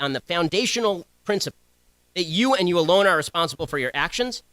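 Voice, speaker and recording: A young man giving a combative, sarcastic political speech to students, talking in rapid-fire bursts. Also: a little high, sharp tone, dry recording, poor audio. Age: young adult.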